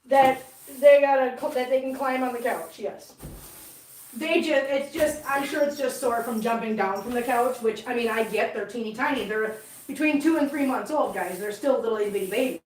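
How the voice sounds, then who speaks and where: In a reverberant home living room with a hardwood floor, a woman vlogs about her cats at normal speed. Her voice is a little high, and she alternates casual chat with sing-song cooing at the kittens.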